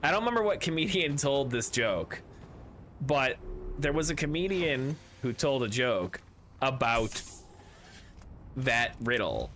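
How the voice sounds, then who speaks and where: A man's voice: medium pitch, expressive, unhurried, pauses often, fairly bright tone, a little hiss or hum. A man streaming a tabletop game with friends, chatting casually, rambling through jokes and riddles and swearing now and then.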